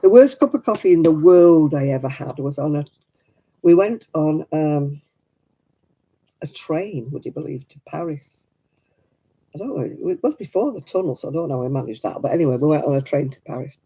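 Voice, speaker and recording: A middle-aged woman chats casually at home, telling stories as she works on her crafts. Her voice is warm and a little raspy, and it rises and falls a great deal. She laughs easily between her stories. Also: sits low, lively intonation, moderate pace, low-quality recording. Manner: chatty and anecdotal, laughs often. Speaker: craft vlogger. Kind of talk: casual chat while crafting.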